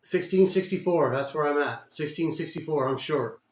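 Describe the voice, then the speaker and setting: A man's voice: fairly high pitch, moderate pace. A man giving live commentary on his own day trades, muttering, cursing and repeating himself in frustration. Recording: roomy echo.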